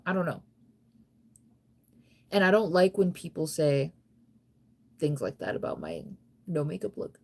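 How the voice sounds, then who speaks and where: Sleepy girl rambling on a late night stream, kinda low voice, says like a lot. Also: measured pace, gravelly, long pauses. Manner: relaxed, rambling, heavy use of "like". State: sleepy, yawning. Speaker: livestreamer.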